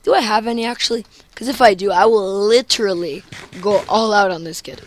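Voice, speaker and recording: A woman giving gameplay commentary, taunting her opponent and getting excited. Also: mid-range voice, brisk, no room sound. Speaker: gamer.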